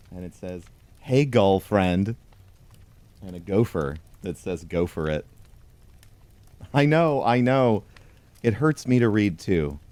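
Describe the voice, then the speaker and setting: A man reading a pun picture book aloud as a comic bit, in a mock-solemn deadpan way, talking to a toy penguin. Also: sits low. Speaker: host. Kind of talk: deadpan comedic storybook reading.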